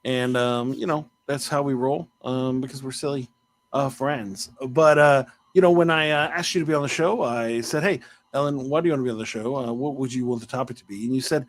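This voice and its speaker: A man's voice: mid-range voice, fairly quick. A man hosting a podcast, chatting casually with playful, self-mocking jokes and rambling asides. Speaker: podcast host. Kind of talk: casual interview chat.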